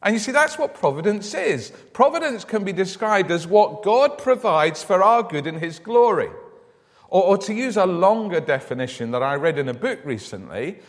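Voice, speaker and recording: Earnest preacher in a reverberant church. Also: male voice, high-pitched, big pitch swings, moderate pace. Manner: earnest storytelling, repeats words when starting. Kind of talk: sermon.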